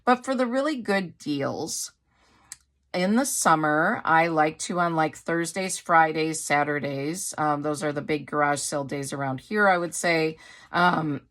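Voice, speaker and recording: A woman's voice: deep voice, fairly bright tone. A middle-aged woman from Wisconsin, chatting casually and rambling as she shows off a craft haul. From Wisconsin, USA. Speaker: craft vlogger. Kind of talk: casual haul chat to camera.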